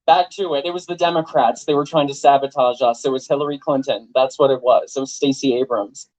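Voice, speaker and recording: A young man giving an animated, joking rally speech to a live audience, full of rhetorical questions. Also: medium pitch, fairly quick, low-quality recording. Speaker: political activist speaker. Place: event venue with live audience.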